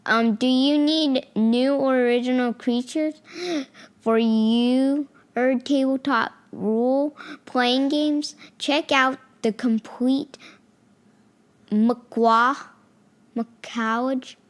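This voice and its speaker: A woman's voice: sits high, steady tone, very slow. A woman co-hosting a casual game podcast, reading game descriptions aloud, stumbling over names and teasing her co-host.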